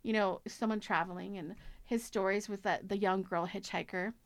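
A woman's voice: medium pitch, fairly even intonation, moderate pace, no room sound. A woman co-hosting a film club podcast, talking casually about a movie in a rambling way full of likes and restarts.

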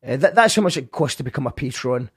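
A man's voice: mid-range voice, quick pace, breathy edge, no room sound, clean studio sound. A man hosting a podcast, talking casually and earnestly to his listeners, with frequent restarts. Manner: stumbling, earnest, lively. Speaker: podcast host.

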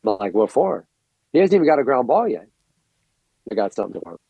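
A middle-aged man, a coaching guest on a podcast, telling stories in an excitable, rambling way and often repeating words. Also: medium pitch, fast talker, slightly rough, dry recording. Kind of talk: animated storytelling interview. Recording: dull, lo-fi, dry recording.

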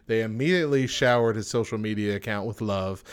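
A young man hosts a casual chat show, reading odd news items aloud and then joking about them. He speaks briskly in a lowish voice with a clean tone.

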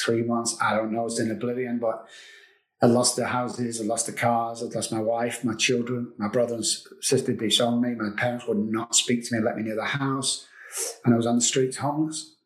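A man, a guest telling his own recovery story in an earnest, confessional way and repeating phrases for emphasis. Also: medium pitch. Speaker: guest, addiction recovery expert. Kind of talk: emotional personal storytelling. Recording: roomy echo.

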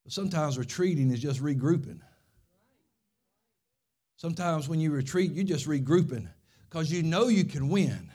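A man preaching from the pulpit in a notably high voice. He tells stories in an emphatic, repeating way, hammering each point home like a seasoned pastor. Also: animated, normal speed, long pauses, mellow. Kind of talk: sermon.

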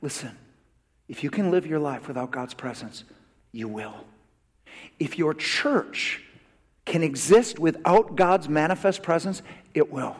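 A male pastor preaching a sermon, shifting from hushed, near-whispered asides to loud, fervent declarations with repetitive, rousing phrasing. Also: a little high, lively intonation, a little slow, pauses often, husky. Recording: reverberant hall sound.

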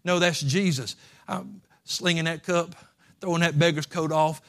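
A man preaching a sermon as pastor, folksy, swinging from quiet asides to impassioned pleading. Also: fairly high pitch, fairly even intonation, normal speed, vocal fry.

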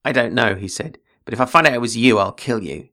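A man reading his own story aloud, voicing an exhausted, paranoid male cryotech on a spaceship, low and brooding, with outbursts of anger. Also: quick pace, bright, forceful tone, natural voice. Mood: threatening. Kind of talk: author reading own fiction.

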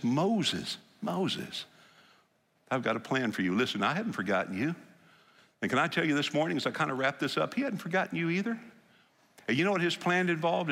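A man preaching a sermon in a church, telling Bible stories in an animated way and acting out the quotes. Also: mid-range voice, in a large hall. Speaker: pastor.

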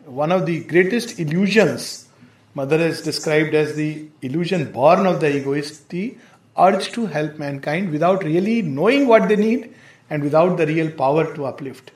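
A man giving a reflective spiritual lecture, measured and explanatory, with hesitations. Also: on the high side. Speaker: spiritual teacher. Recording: roomy echo.

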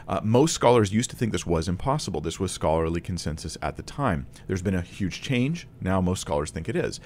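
A man's voice: low-pitched, lively intonation, a little fast. A man teaching a Bible lesson to camera in a casual, conversational way, thinking aloud with restarts and small laughs.

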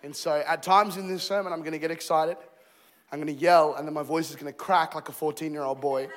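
Hoarse male preacher, high pitch, playful and energetic, church stage mic. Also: brisk. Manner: energetic, joking, bursts into loud exclamations. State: hoarse, losing his voice. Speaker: guest preacher. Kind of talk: sermon. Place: church stage before a congregation.

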